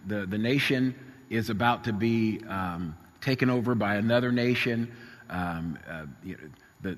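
A man's voice: medium pitch, a bit bright. A middle-aged man preaching a sermon, telling a personal story in an earnest, emphatic way that repeats and stacks his phrases. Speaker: pastor. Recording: long hall reverb.

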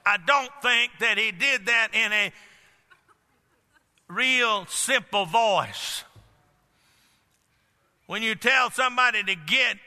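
Emphatic and forceful, this pastor's sermon blends simple stories with bold declarations, delivered in a high voice with a very bright, sharp ring. A long reverb makes it sound like a big church sanctuary.

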